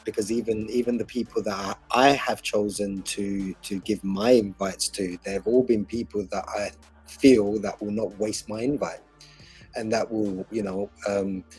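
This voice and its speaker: A man's voice: fairly low pitch, measured pace, darkish tone, breathy edge, soft background music. A male guest in a casual podcast chat, inquisitive and a little hesitant.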